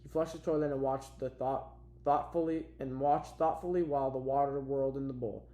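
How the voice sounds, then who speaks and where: A man reads a novel aloud as audiobook narration, steady and plain, with small restarts. His pitch sits in a middle range. The sound has a roomy echo. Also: fairly quick. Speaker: audiobook reader.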